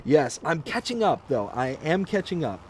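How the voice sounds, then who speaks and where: A man's voice: a little high, big pitch swings, normal speed, slight background noise. A man hosting a farming game livestream, reading viewer comments aloud in a chatty manner and laughing often. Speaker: livestream host.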